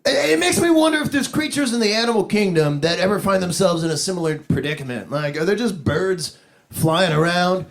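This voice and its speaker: A man's voice: sits high, brisk. A man doing a rambling, profane stand-up comedy set, chuckling at his own jokes. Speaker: stand-up comic. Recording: live club recording with crowd noise.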